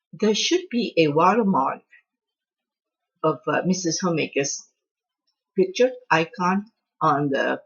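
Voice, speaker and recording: A woman's voice: fairly low pitch, breathy edge, dull audio. A woman hosting her own home cooking channel, chatting in a rambling, self-deprecating way as she walks through a recipe. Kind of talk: casual cooking vlog chat.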